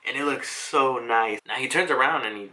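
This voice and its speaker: A man's voice: medium pitch, normal speed, bright, forceful tone. A young man casually recapping a comic chapter, chatty and laughing, with frequent swearing. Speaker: manga reaction youtuber.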